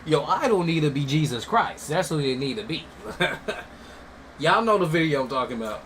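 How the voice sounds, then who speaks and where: A man giving casual, mocking commentary, swinging from loud outbursts to low mutters. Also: animated, normal speed, slight background noise, low-quality recording.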